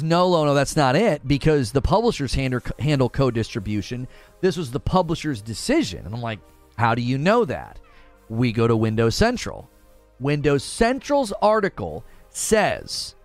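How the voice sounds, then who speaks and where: A man hosting a casual livestream, reading chat and acting out his own reactions in lively commentary. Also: a little high. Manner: animated, acts out his own past thoughts. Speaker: livestream host.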